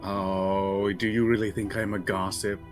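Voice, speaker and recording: A man's voice: fairly low pitch, little pitch movement, measured pace, soft background music, voice pushed down, close to an everyday voice. A man voicing a gossipy female adventurer who talks into other people's minds, with a playful, teasing manner. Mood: sly.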